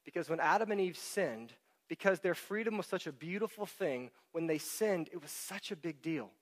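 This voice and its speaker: High-voiced man preaching a sermon. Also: normal speed. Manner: animated, explanatory, talks to the congregation with rhetorical questions. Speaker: pastor. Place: church hall with sound system. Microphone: handheld or stand microphone.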